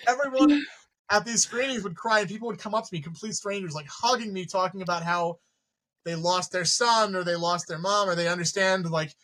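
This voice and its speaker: A man, a filmmaker guest, telling animated stories in casual chat, swearing freely and acting out his own reactions. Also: high-pitched, a little fast, low-quality recording. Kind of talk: casual storytelling.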